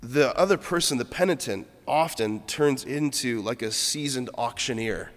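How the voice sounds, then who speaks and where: Earnest priest preaching in a reverberant church. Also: male voice, mid-range voice, normal speed. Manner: earnest, reflective, storytelling. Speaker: Catholic priest. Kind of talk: homily.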